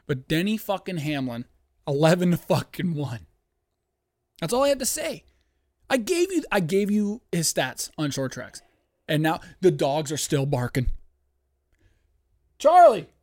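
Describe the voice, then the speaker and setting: A man hosting a sports-betting podcast from home, hyped and profane, breaking into yelling on a close mic. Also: fairly high pitch, very animated, moderate pace, no echo. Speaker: podcast host. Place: home studio, dogs nearby.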